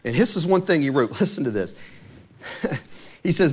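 A man's voice: medium pitch, sing-song, moderate pace. Conversational male preacher telling a story. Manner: conversational, dramatic retelling. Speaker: pastor. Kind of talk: sermon storytelling.

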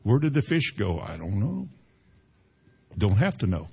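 A man's voice: fairly low pitch, very animated, measured pace, vocal fry, warm tone, slightly rough. A man preaching a sermon as a pastor, growing emphatic as he quotes scripture. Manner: preaching with rising emphasis and Bible quotations.

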